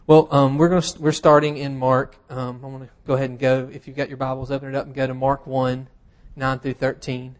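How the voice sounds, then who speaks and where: A man preaching a sermon in a relaxed, conversational way, with wry humorous asides and plenty of fillers. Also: mid-range voice, a little fast, hardly any pauses. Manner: casual and self-deprecating, with humorous asides and frequent fillers.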